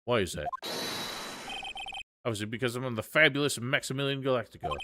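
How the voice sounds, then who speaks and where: A man's voice: mid-range voice, lively intonation, brisk, heavy background noise, close to an everyday voice. A man voicing a pompous, flamboyant male circus magician in a video game read-along, with game music underneath. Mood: boastful. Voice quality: haughty, theatrical.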